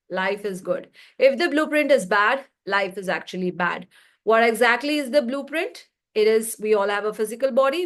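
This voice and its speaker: A woman teaching a live online class, reading chat replies and explaining with rhetorical questions and animated stories. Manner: animated storytelling, rising pitch for emphasis. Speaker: energy healing teacher.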